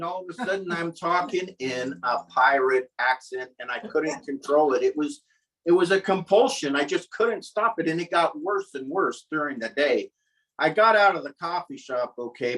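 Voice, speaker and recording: Man, storyteller, wry, self-mocking, slightly high pitch, distant mic, live event. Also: a bit bright.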